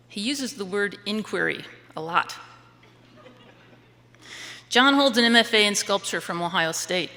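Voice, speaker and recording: A woman reads an admiring introduction for a guest speaker. Her voice is bright and crisp. A long hall reverb trails behind her words. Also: mid-range voice. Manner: admiring, reading from notes. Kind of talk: prepared introduction. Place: lecture hall.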